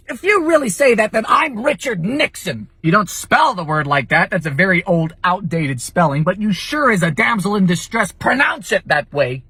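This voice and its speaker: A Bermudian man in his twenties giving comedic vlog commentary in a theatrical, sarcastic way, breaking into shouted exclamations. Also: high-pitched, animated, moderate pace, hardly any pauses. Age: 20s. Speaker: cooking video creator.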